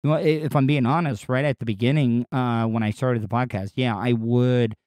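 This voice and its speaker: A man hosting his own podcast in a casual solo monologue, with a distinctive voice that is not deep, talking in a rambling, crude, candid way with frequent restarts. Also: steady tone, a little fast, darkish tone, no room sound, clean studio sound. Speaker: podcast host and radio personality.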